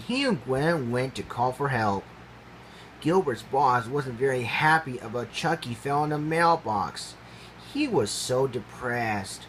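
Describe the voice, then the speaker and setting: A man reading his own animal storybook aloud, halting and ungrammatical. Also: medium pitch, animated, fairly bright tone, slight background noise, poor audio.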